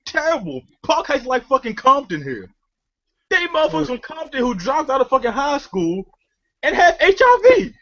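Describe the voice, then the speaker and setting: A man's voice: extremely high pitch, normal speed, lo-fi sound. A man, co-hosting a podcast in a profane, comedic rant full of laughter. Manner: profane, animated ranting with frequent laughter. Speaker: podcast co-host.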